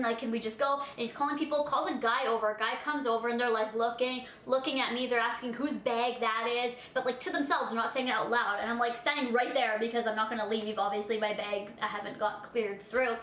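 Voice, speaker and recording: Woman vlogger, high voice, chatty and animated storyteller, echoey room sound. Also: brisk, few pauses, slight background noise. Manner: chatty, rambling, full of "like" fillers; animated, acts out her own reactions. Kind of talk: storytime vlog.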